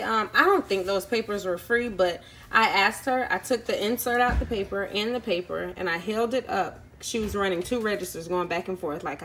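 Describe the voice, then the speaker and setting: A woman's voice: medium pitch, normal speed, hardly any pauses, fairly bright tone, a little hiss or hum. A woman vlogging casually at home, telling a long story with lots of ums and acting out the people she met. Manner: chatty, many ums, acts out quoted people. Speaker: YouTube vlogger. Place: indoors at home.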